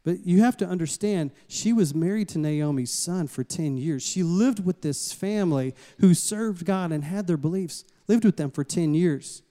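A man from the States, preaching a sermon as a pastor and calling out to the congregation in a lively storytelling way. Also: high-pitched, moderate pace, hardly any pauses. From Southern United States. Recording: long hall reverb.

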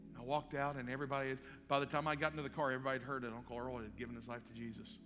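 A man's voice: mid-range voice, level tone, racing, a bit bright. A male pastor, telling a story in a sermon and acting out the dialogue. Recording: live hall with long reverb and faint music.

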